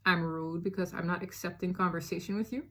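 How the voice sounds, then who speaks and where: A woman casually telling a personal story to her viewers, chatty and animated, with many fillers. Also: fairly low pitch, fairly quick.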